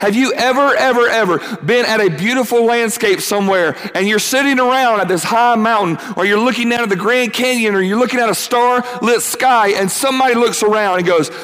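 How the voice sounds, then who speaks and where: Camp speaker, man, high voice, big reverberant hall, lively call-and-response preaching. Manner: energetic, quick, acts out quotes, asks the crowd to answer back. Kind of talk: youth camp sermon.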